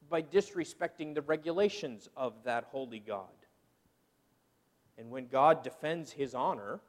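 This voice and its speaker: A middle-aged pastor preaching with a high, lively voice that swings widely in pitch. He acts out people's excuses in quoted voices, and his words ring with the long reverb of a church hall. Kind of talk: sermon.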